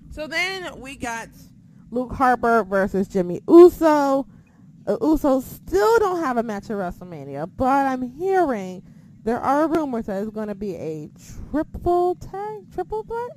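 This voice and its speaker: A woman's voice: sits high, big pitch swings, takes it slowly, a little mellow, a little hiss or hum. A woman co-hosting a casual wrestling podcast, blunt and heavily profane as she rants about the show and her critics. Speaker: podcast co-host.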